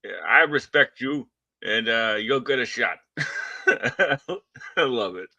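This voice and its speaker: Bright Boston man, halting casual chat. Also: mid-range voice, no echo, lo-fi sound. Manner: halting, many restarts, wry complaints. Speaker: podcast co-host.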